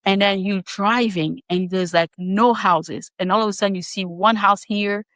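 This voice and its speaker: A woman tells a personal story in a lively, chatty way, breaking into laughs and quick asides. Her pitch sits in an ordinary middle range. The recording is dry and close, with no room echo. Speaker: podcast guest. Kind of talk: casual storytelling.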